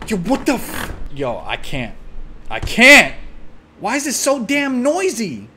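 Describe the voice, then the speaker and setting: A man's voice: sits high, huge pitch swings, takes it slowly, noisy background. A young man streaming a horror game, talking in slang, swearing and crying out at every scare. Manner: jumpy, loud outbursts, swearing slang. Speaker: gaming channel host.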